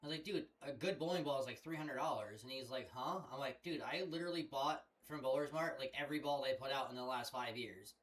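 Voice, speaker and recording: A young man talks into a headset in a loose, rambling way. His voice sits at an ordinary middle pitch, and he swears freely as he tells his story. It sounds like relaxed streaming chat. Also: quick pace, few pauses. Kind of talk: casual chat.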